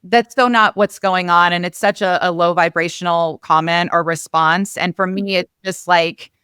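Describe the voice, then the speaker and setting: A woman's voice: fairly low pitch, steady tone, normal speed, sharp tone, clear, resonant tone, no echo, clean studio sound. A woman podcast host speaking earnestly and reflectively in a casual interview.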